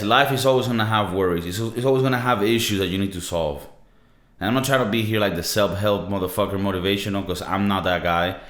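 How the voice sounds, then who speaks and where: A man in his thirties rambles through a casual podcast monologue, swearing freely. His voice sits a touch low. The recording has a roomy echo. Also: fairly bright tone. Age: 30s. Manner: laid-back, profane, rambling. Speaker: podcast host.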